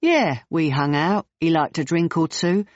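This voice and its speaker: A blunt, laid-back male clown with an Estuary English accent, as an audiobook reader puts him on. He talks slowly and casually. The recording is dry and dull. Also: a little high, expressive, no room sound.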